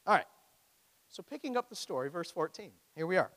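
A man preaching a sermon, retelling a story with animated storytelling and acted-out quotes. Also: sits high, quick pace, in a large hall.

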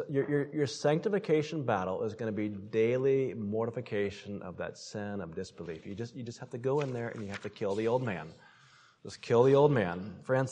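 A man preaching a sermon to a congregation, asking rhetorical questions and swinging between loud emphasis and soft, low asides. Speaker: pastor.

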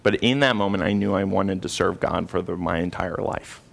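A man's voice: sits low, steady tone, moderate pace, vocal fry. A man preaching a sermon, telling a personal story earnestly with frequent restarts.

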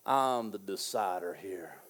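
A man voicing a boastful, proud ancient king in a low, drawn-out, gloating way. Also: animated, fairly bright tone.

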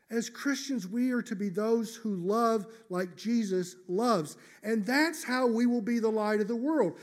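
A man preaching a sermon as pastor, earnest and emphatic, slowing down to stress key phrases and sometimes dropping to a soft near-whisper. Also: extremely high pitch.

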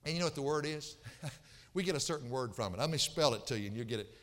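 A pastor preaching an expository sermon, emphatic and repeating phrases to drive points home. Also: male voice, mid-range voice, lively intonation, fast talker, a bit bright, in a large hall. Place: church sanctuary.

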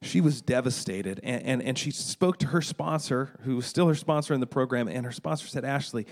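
A man's voice: mid-range voice, brisk. A middle-aged man preaching a sermon, retelling a story dramatically with stammered restarts. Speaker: pastor.

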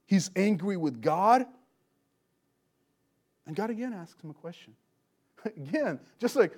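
Male preacher, high voice, animated, leans on rhetorical questions. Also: unhurried, pauses often. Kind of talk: expository sermon.

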